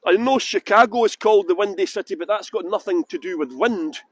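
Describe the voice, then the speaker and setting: A Scottish man with a high voice leads a live walking tour outdoors beside a fountain. He chats casually with his audience and likes to make flippant jokes. His voice sounds dry and close to the mic. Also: brisk, dry recording. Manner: chatty, flippant joking. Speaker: tour guide. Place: outdoors by a fountain in a windy city square.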